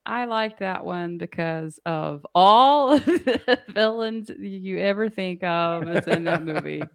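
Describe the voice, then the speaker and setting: A woman's voice: on the low side, slow pace, creaky, clean tone, no room sound. A woman co-hosting a casual movie chat, retelling scenes with lots of giggles. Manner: giggly, animated storytelling. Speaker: podcast co-host.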